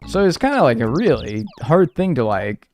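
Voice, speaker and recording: A man's voice: mid-range voice, moderate pace. Rambling, profane man streaming a game. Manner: rambling, profane, animated storytelling with mimicked voices. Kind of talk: casual stream chat while gaming. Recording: faint music behind.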